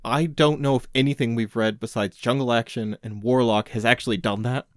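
A man's voice: medium pitch, steady tone, a little fast, no echo, clean studio sound. A man co-hosting a casual comic-book podcast, rambling with many fillers and restarts. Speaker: podcast co-host. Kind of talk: casual chat.

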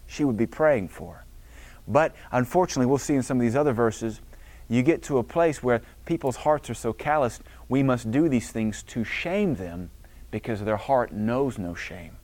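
Middle-aged male pastor, emphatic preacher, medium pitch, dry close recording. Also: animated, normal speed, a little mellow, dry recording. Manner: emphatic, preacherly cadence quoting scripture. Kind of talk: sermon.

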